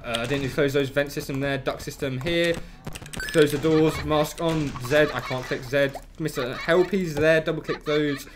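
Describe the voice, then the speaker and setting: A young man streaming a video game, rattling off his controls under his breath and breaking into panicked shouts. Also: fairly high pitch, steady tone, background noise. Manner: rapid muttered narration of controls, bursts of panicked shouting. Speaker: gameplay streamer. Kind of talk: let's play commentary.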